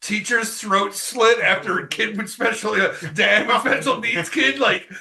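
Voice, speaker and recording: Podcast host from Michigan, high gravelly voice, rambling and profane, echoey room off the mic. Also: male voice, unhurried, far from the mic. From Michigan, USA. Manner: profane, rambling, loud outbursts. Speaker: podcast host reading news. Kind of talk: casual podcast chat.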